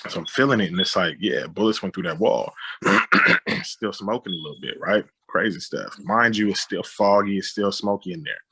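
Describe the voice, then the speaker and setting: A man sits for an interview and retells a story in a lively way, voicing gunshots and what people said. His voice is low and husky with a bright, forceful edge. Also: moderate pace. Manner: animated retelling with sound effects and quoted dialogue. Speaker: interview guest, director and writer. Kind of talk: conversational storytelling.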